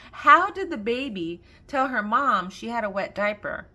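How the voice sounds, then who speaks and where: An older woman reads aloud from a children's joke book, posing riddles, giving the answers, and laughing at her own jokes. Her voice is a little high and sing-song, slow, bright, and forceful.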